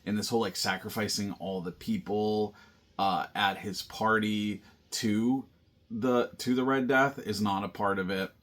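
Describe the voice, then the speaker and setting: A man's voice: lowish voice, fairly even intonation, measured pace, a bit bright. A man casually recapping and reviewing a film, rambling with lots of fillers and restarts. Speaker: movie review host.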